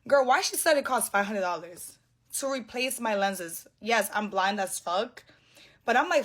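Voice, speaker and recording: A young woman vents in a casual vlog with a mid-pitched voice. Her talk is slangy, profane and full of frustration. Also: animated, unhurried.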